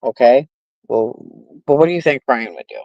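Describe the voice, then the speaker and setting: A woman with a very deep voice speaks animatedly at a moderate pace, ranting casually and bluntly to her viewers with lots of swearing and fillers. She's a commentary streamer addressing them directly, and the dry recording has a dull, lo-fi stream sound.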